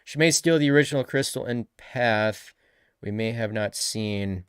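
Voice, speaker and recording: A man's voice: mid-range voice, moderate pace, smooth, no echo, studio quality. A man streaming a live reaction, talking casually and rambling with frequent backtracking.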